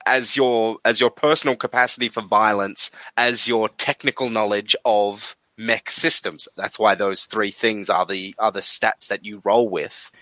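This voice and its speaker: A man, chatting casually as a game designer, animated and quick with jokes. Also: lowish voice, dry recording. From Australia. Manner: animated, swearing, quick asides and laughter. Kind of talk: casual podcast chat.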